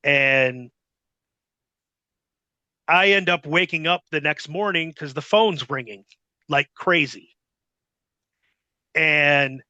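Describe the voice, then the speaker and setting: A man's voice: a little high, sharp tone, dry recording, muffled recording. A middle-aged man telling a long casual anecdote as a podcast guest, rambling with many fillers and acting out what others said. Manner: rambling, filler-heavy, acts out quotes.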